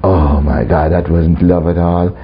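A man's voice: low voice, flat delivery, unhurried, a little hiss or hum. A man preaching a storytelling sermon who laughs often and acts out the voices he quotes. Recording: dull lo-fi recording, faint background.

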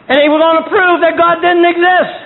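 A man preaching a fervent sermon, telling stories with shouted exclamations, pausing for an interpreter. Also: very high voice, level tone. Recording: tinny phone-like sound with crowd.

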